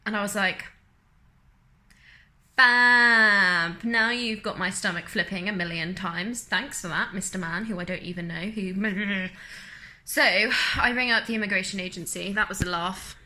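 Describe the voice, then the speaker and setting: A woman's voice: mid-range voice, steady tone, normal speed, pushed and bright. A young woman from the UK, vlogging in a casual, chatty, self-mocking way, retelling her story with lots of laughter. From United Kingdom.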